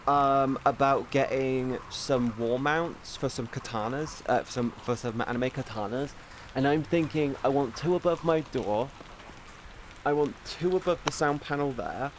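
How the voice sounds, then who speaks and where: A man chatting casually on a live stream, rambling and excitable, swearing often and restarting sentences. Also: mid-range voice, a little hiss or hum.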